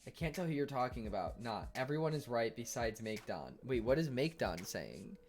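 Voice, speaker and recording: Animated sarcastic male streamer. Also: medium pitch, normal speed. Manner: sarcastic, swears, flares into loud exasperation. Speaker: Twitch streamer reading chat. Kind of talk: casual livestream chat with viewers.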